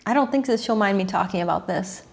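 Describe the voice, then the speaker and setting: A woman's voice: medium pitch, quick pace, gravelly. A woman in her thirties, a dating coach, talking earnestly and emotionally to camera, repeating herself and sighing.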